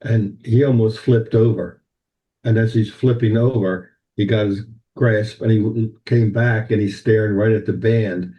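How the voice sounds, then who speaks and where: An older man, a guest on a podcast, recalling old times in an animated, anecdotal way. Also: on the low side, a little slow, muffled recording. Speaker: band president, guest. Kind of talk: podcast interview, storytelling.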